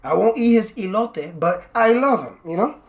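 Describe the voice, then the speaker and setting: High-voiced excitable young male streamer. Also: normal speed, gravelly. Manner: excitable, swears a lot, jumps from loud outbursts to low mutters; talks straight to his chat viewers. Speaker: livestreamer. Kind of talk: casual livestream chat.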